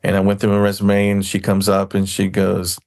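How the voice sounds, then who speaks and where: A man's voice: low voice, completely flat delivery, normal speed, darkish tone. A man chatting casually on a podcast, telling rambling stories and acting out the people in them. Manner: rambling storyteller, acts out quoted people. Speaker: podcast guest.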